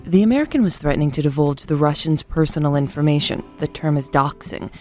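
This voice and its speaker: Deep-voiced woman narrating a podcast. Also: expressive, fast talker, darkish tone, faint music behind. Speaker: podcast host. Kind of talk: scripted narration and interviewing.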